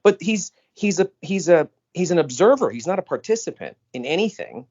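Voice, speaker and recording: A man co-hosting a podcast in casual chat, talking animatedly and jumping up in pitch when he quotes people. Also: big pitch swings, a little fast, darkish tone, lo-fi sound. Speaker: podcast co-host. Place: on a phone call.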